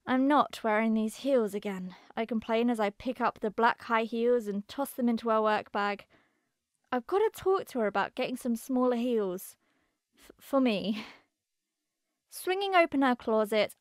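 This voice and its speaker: A woman's voice: on the high side, dry recording, clean studio sound. A woman narrating a first-person story aloud, acting out the spoken lines in character. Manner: expressive, acts out dialogue in character. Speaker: audiobook narrator.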